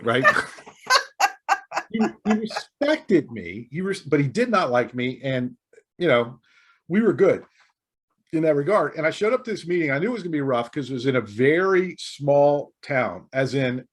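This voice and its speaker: A middle-aged man from the United States, a guest on a podcast, tells a story with a slightly husky, breathy voice. His pitch bounces around a lot as he tells it. He throws in chuckles and quick asides along the way. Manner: animated anecdote-telling with laughs and asides.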